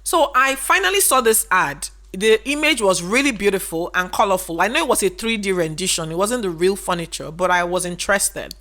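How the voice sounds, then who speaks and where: With a medium pitch and a bright, forceful tone, the woman talks a little fast and animatedly, hardly pausing. As a business educator, she explains casually to camera through rhetorical questions, repeating the main points to drive them home.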